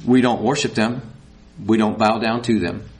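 A man preaching a sermon in a folksy, animated way, rising to high emphatic peaks. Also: moderate pace. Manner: folksy, says y'all.

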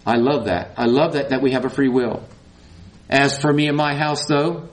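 A man preaching a sermon in a folksy, animated way, rising to high emphatic peaks. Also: normal speed. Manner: folksy, says y'all.

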